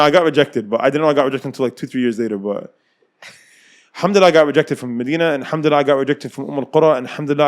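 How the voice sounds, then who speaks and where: American man, quick-talking storyteller who acts out dialogue and laughs a lot. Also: mid-range voice. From United States. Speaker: guest telling his life story. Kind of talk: casual storytelling.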